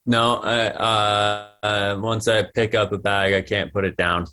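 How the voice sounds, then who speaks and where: Man, American accent, deep and flat delivery, measured podcast guest. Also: clear, resonant tone. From United States. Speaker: guest athlete. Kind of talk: casual podcast interview.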